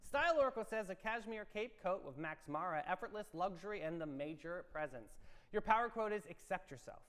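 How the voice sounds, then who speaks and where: High-voiced man hosting with echoing reverb. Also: lively intonation, a little fast, fairly bright tone. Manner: upbeat, theatrical storytelling. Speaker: morning show co-host. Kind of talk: playful horoscope and story segment. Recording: long reverb.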